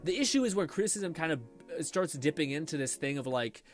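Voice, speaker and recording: Rambling man streamer, higher voice. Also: animated, a little fast, faint music behind. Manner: rambling, many fillers and restarts. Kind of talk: casual chat reading stream comments.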